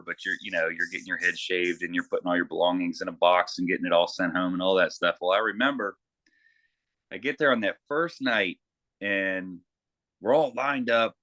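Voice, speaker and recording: A man, a Navy veteran, talking casually in an interview and telling animated stories from his service, swearing freely and acting out shouted lines. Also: on the low side, no echo. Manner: animated storyteller, swears freely, acts out yelling.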